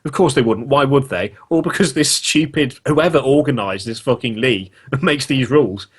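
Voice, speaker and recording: A man's voice: mid-range voice, moderate pace, slightly rough. A man hosting a casual podcast chat, ranting in disbelief with lots of swearing. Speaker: podcast host.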